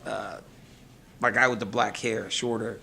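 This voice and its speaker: A man at a press scrum, telling stories candidly, animated and laughing often, acting out what others said. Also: lowish voice, a little slow, gravelly. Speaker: fighter at media scrum. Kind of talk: candid storytelling to reporters.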